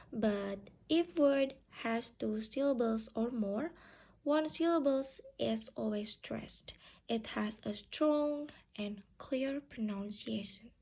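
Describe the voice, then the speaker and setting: A young woman giving a class presentation as a student, speaking in a slow, drawn-out teaching manner. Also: fairly high pitch, a little mellow, poor audio.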